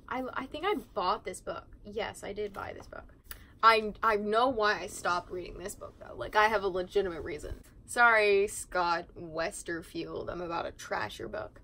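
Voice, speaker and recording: Teen girl vlogger, chatty and sarcastic, bright tone, light background hiss. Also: mid-range voice, rough recording. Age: teens. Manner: chatty, sarcastic, swears casually. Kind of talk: casual chat while cleaning.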